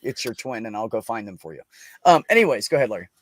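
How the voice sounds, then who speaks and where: A man hosting a casual livestream chat, telling stories with wry sarcasm and lively, emotional delivery. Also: fairly low pitch, fast, dry recording, clean studio sound. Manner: wry, sarcastic, animated storytelling. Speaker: streamer host.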